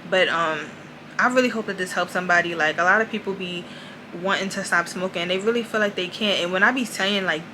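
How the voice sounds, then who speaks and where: A woman's voice: on the low side, fairly quick, noisy background. A young woman vlogger telling a personal faith testimony in a chatty way, addressing viewers directly and saying "like" often. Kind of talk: casual confessional testimony.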